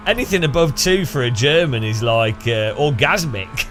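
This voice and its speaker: A man hosting a casual live stream, joking and rambling as he chats with viewers, laughing at his own jokes. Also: a little high. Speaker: streamer host.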